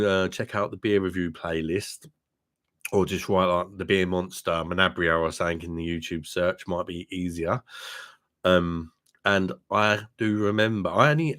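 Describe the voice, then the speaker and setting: Deep-voiced man, blunt and chatty. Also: a bit bright. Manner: blunt, laughing, swears freely, addresses viewers as mate. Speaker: beer reviewer and live-stream host. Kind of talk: casual live-stream chat with viewers. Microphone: webcam mic.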